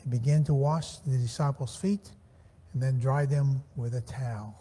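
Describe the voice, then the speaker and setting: Mellow-voiced man teaching a Bible class. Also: medium pitch, steady tone, slightly rough. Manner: measured, slows to stress scripture phrases. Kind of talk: Sunday Bible class lesson. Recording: church hall with long reverb.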